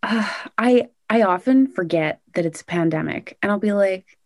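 A young woman, a singer-songwriter, chatting excitedly in an interview with lots of "like" and "oh my gosh". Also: mid-range voice, normal speed, dry recording, clean studio sound. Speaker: country singer-songwriter guest. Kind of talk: casual interview answers.

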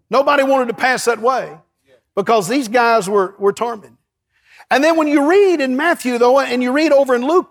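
A middle-aged man preaching a sermon with fervor, breaking into shouts and calling out to the congregation for an amen. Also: extremely high pitch. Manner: fervent, shouting at peaks, calls for amen.

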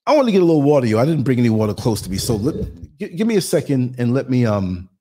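Husky guy on a live stream going off, preachy and slangy, reading chat comments. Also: mid-range voice, very animated, fast talker, warm tone. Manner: preachy, emphatic, street slang; rhetorical questions to the audience. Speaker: podcast host.

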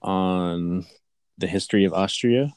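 A man with a very low voice interviews casually. He asks relaxed, curious questions, recorded dry and close. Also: unhurried, smooth, no echo. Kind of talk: casual conversation.

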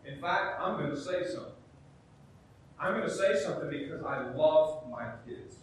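A man's voice: animated, normal speed. A middle-aged man, preaching a sermon as a pastor, emphatic, with rhetorical questions and acted-out asides. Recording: very echoey hall, heard from a distance, faint rumble.

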